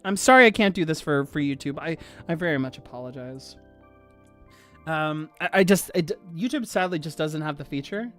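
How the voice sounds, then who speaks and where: A streamer chatting casually on a livestream, gushing excitedly and swearing freely, with faint music behind. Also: mid-range voice.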